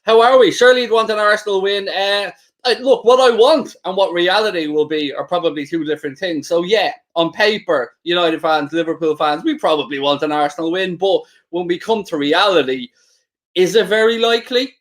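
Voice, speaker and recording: A man with a high, slightly fast voice co-hosts a live football watchalong, chatting and bantering as he reads out comments from viewers.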